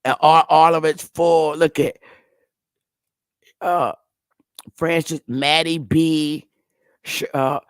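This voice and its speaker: A woman hosting a casual livestream, talking bluntly with profanity and excited exclamations. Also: deep voice, slow, pauses often, smooth, no room sound. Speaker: livestream host.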